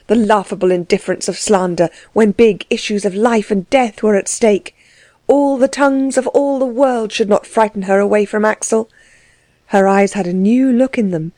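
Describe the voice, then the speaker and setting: A woman's voice: mid-range voice, moderate pace, dark tone, no room sound. Woman narrating a novel, dry sound. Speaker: audiobook narrator. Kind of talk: scripted narration.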